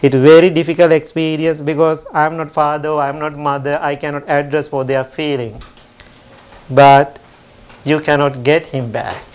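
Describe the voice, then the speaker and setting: A man teaching at a temple, telling a parable in a gentle storytelling sermon with simple phrasing. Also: a little high, little pitch movement, normal speed, clean tone.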